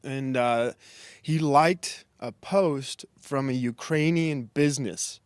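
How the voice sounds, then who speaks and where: Speaking slowly in a clear, resonant mid-range voice with no echo, a young comedian and streamer meanders through a livestream monologue. He reads the chat, mocks himself, and keeps laughing and starting over.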